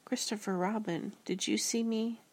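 A woman voicing a small, excited young male kangaroo who boasts eagerly in a squeaky voice. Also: moderate pace, natural voice.

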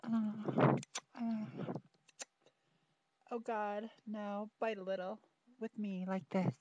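Slow, teasing woman in intimate audio role-play. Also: medium pitch, fairly even intonation, slight background noise. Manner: slow, soft, pleading and teasing, talking straight to the listener. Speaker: audio performer. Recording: dull, dry close recording.

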